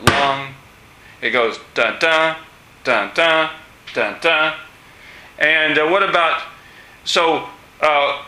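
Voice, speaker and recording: Slow, bright-voiced male teacher. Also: mid-range voice. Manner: asks questions, many fillers and pauses. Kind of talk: classroom discussion lesson. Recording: echoey room.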